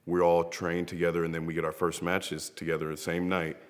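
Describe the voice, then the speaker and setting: A man's voice: sits low, completely flat delivery, brisk, long reverb tail. A young man and wrestler, grieving, telling heartfelt rambling stories in a tribute to a late friend, seated before a camera. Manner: heartfelt, rambling storytelling with frequent laughs. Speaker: professional wrestler. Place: seated in front of a camera, indoors. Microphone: camera mic.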